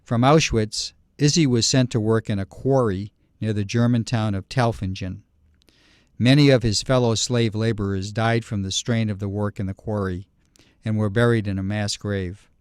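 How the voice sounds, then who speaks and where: Smooth, low-voiced male narrator. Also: steady tone, moderate pace, no echo, clean studio sound. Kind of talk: scripted documentary narration.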